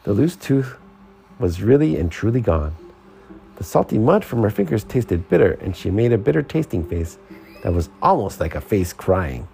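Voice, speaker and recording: Gravelly, expressive man reading a storybook. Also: on the low side, normal speed, soft background music. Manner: expressive, sing-song storytelling. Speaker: storybook reader. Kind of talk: reading a children's picture book aloud.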